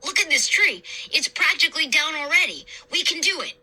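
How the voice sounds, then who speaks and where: A woman's voice: high voice, lively intonation, a little fast, bright, forceful tone, voice pushed up, exaggerated voice. A woman voicing an eager young boy. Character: frightened young boy, eager then defeated.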